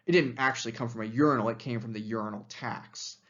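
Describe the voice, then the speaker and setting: A man's voice: mid-range voice, fast talker, a bit bright, dull audio. A young adult man giving a recorded history lecture, talking casually with many fillers. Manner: casual, conversational with frequent fillers.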